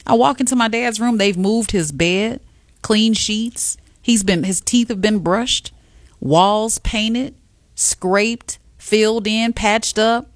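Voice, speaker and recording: A woman hosting an afternoon radio show, telling stories in an animated, emphatic way. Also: medium pitch, slow pace, no echo, clean studio sound. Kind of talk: casual radio chat.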